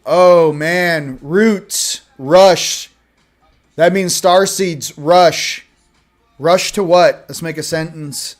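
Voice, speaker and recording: A male host giving a casual oracle card reading, with sarcastic joking asides and slow, emphatic stresses on the card words. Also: on the high side.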